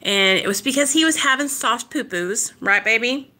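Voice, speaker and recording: A woman's voice: fairly high pitch, expressive, moderate pace, pushed and bright. A young woman and mother talking candidly to viewers in a live video, rambling with lots of "like" and "you know". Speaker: mother sharing her recovery in a live video. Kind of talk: candid casual live chat.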